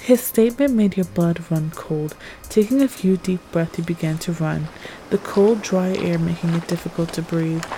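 Slightly low-voiced woman narrating a tense story. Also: moderate pace, mellow, a little hiss or hum, low-quality recording. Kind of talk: second-person audio story narration. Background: music.

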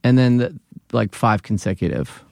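A man's voice: on the low side, big pitch swings, moderate pace, creaky, a little mellow, no echo. A man from the Philadelphia area with a Philadelphia accent, a comedian and TV writer chatting as a podcast guest in a studio and telling stories in a self-deprecating way. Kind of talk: casual chat. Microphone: studio microphone.

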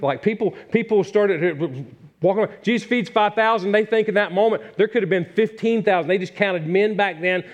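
A man's voice: high-pitched, muffled recording. A middle-aged man from Virginia preaching a sermon as pastor, talking in a conversational way that repeats its points and turns to the congregation with asides.

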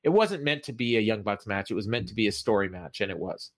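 A man's voice: on the low side, expressive, fast talker. A man co-hosting a podcast, recapping wrestling in a casual chat and raising his voice to act out the quoted lines. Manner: recaps at length, acting out quoted lines in a raised voice. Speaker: podcast co-host.

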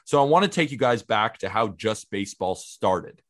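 A man's voice: lowish voice, lively intonation, moderate pace. A man in his twenties co-hosting a podcast, talking in an eager, heartfelt way. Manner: enthusiastic, heartfelt. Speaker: podcast co-host. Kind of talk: casual chat.

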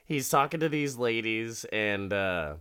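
Rambling casual man, bright and clear. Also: medium pitch, expressive, measured pace. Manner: rambling, swears casually, laughs often. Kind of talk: casual chat recapping a TV episode.

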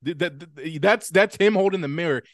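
A man's voice: high voice, fairly quick, a bit bright, no echo, studio quality. A man co-hosting a podcast, tossing in conspiratorial jokes and stammering asides in casual chat. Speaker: podcast co-host.

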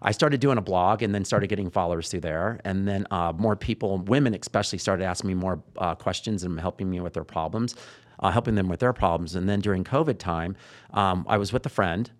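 A man's voice: sits low, a little fast. A middle-aged man, a podcast guest, telling long rambling stories in casual talk and acting out what people said. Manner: rambling storyteller who acts out dialogue.

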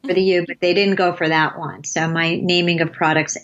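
Speaking fairly quickly in a fairly low, level, fairly bright voice, a woman in her late fifties tells rambling stories and laughs often as an interview guest. She is an advertising creative, and the sound is lo-fi.

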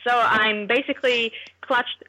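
A woman from Canada, a podcast guest, telling a story in an animated way and often laughing as she talks. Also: fairly high pitch, a little slow, low-quality recording. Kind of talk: casual storytelling.

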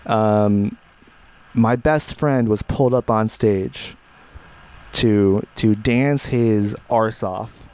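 A young man co-hosting a podcast in casual chat, speaking haltingly with many restarts. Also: on the low side, a little mellow, a little hiss or hum. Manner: halting, many restarts, slow deliberate phrasing. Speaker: podcast co-host.

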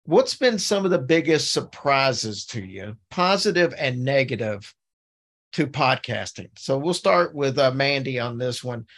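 A man hosting a casual podcast interview, relaxed and chatty. He rambles a bit as he sets up his questions, in an ordinary mid-pitched voice. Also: measured pace. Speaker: podcast host.

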